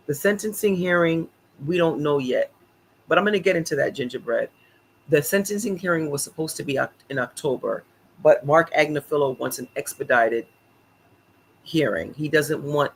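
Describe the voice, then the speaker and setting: A man recapping events casually on a live stream, chatty and animated, with lots of fillers and asides to viewers. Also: on the high side, a little hiss or hum, rough recording. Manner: animated, chatty, many fillers and repeated "honey, listen".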